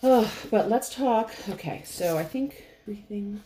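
A woman's voice: medium pitch, animated, moderate pace, dark tone. A woman with an Irish accent co-hosting a podcast in casual chat, rambling with restarts and laughing often. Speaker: podcast co-host. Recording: echoey room with faint noise.

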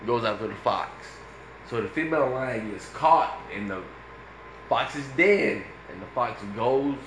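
A man telling a long joke to friends in casual chat, acting out the characters in loud, animated bits. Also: mid-range voice, echoey room, a little hiss or hum, low-quality recording. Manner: loud animated storytelling, acts out animal voices. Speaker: storyteller among friends.

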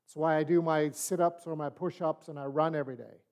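An older man teaching a Bible study in a relaxed, folksy, conversational way, telling stories. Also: on the high side, fairly quick. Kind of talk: sermon-style storytelling and teaching.

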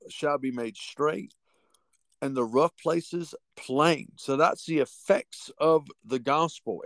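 A man with a slightly high, gravelly voice preaches fervently on a podcast, no echo in the sound. He teaches from the Bible, reading scripture at a slow pace and going back over key phrases.

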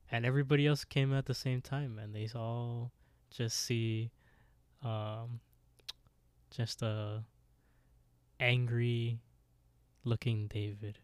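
With a darkish tone on a dry recording, this male podcast co-host chats casually through an episode recap. He laughs a lot and mimics characters in high, mocking voices.

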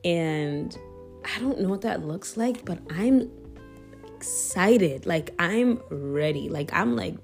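A young woman talks casually as a faith podcast host, her voice sitting on the low side. She rambles warmly with fillers and restarts. Faint guitar music plays underneath. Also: takes it slowly, creaky. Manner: chatty, relaxed, frequent fillers and self-corrections.

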